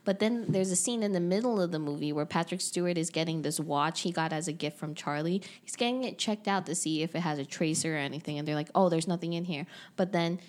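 A woman's voice: low voice, quick pace, hardly any pauses. A woman in a casual chat about a movie, chatty and full of "like", acting out quoted lines. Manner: chatty, lots of "like", acts out quotes. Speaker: co-host reviewing a movie.

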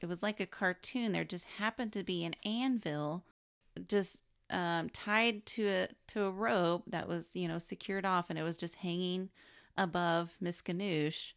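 A woman co-hosting a podcast in casual chat, reacting quickly with agreement and laughter. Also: fairly low pitch, clean tone. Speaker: podcast co-host.

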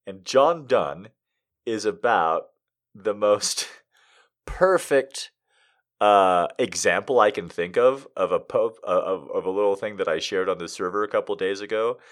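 A man's voice: on the low side, a little slow, a bit bright. A man hosting a poetry show, reading poems aloud and chatting casually, laughing often between asides.

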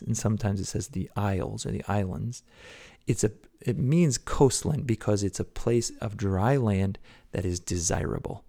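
A man preaching a devotional podcast sermon, earnest, swinging between loud exhortation and hushed whispers. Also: fairly low pitch, vocal fry.

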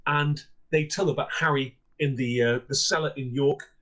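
A middle-aged man, telling ghost stories as a podcast guest in a measured, theatrical way. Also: mid-range voice, a bit bright. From Lancashire, England. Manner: measured, theatrical storyteller with repeated words and fillers. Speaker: guest storyteller and paranormal historian. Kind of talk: podcast storytelling.

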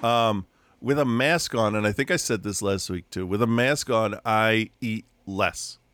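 A middle-aged podcast co-host chats casually from a room at home, his voice fairly low, a bit bright, and unhurried with no echo. He rambles through his stories, often restarting and laughing.

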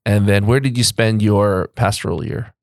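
A man's voice: on the low side, fairly even intonation, normal speed, creaky, darkish tone, dry recording, studio quality. A man hosting a casual interview, laughing often and asking short questions. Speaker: podcast host.

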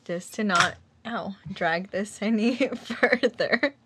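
A woman's voice: mid-range voice, slow pace. A woman hosting a podcast, chatting casually with a dry, sarcastic humor and frequent laughter. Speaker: podcast host.

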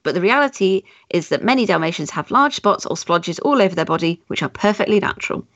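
A woman's voice: medium pitch, animated, fast talker, a bit bright, dry recording, lo-fi sound. Giggly woman podcast co-host reading emails. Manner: giggly, reads emails with amused asides. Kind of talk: casual podcast chat and reading aloud.

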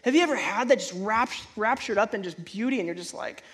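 A man preaching a sermon in a conversational way, stumbling and restarting often, then bursting out loudly when he acts out a feeling. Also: high voice, a little fast. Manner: animated, conversational, frequent restarts and stammers. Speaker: pastor.

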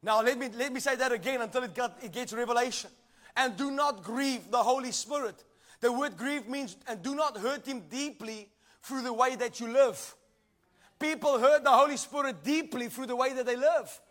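A man preaching a sermon with emphatic delivery, calling for responses from the congregation and building to shouted passages. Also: extremely high pitch, moderate pace.

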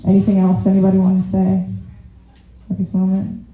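A woman's voice: mid-range voice, completely flat delivery, a little fast, warm tone. A woman giving a casual, conversational sermon, chatty, calling the audience y'all and often laughing at herself. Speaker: preacher. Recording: very echoey room.

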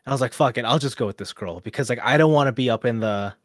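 A man's voice: medium pitch, fast, dry recording, clean studio sound. A man, co-hosting a podcast and telling a long casual story full of fillers and quoted asides. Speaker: podcast co-host.

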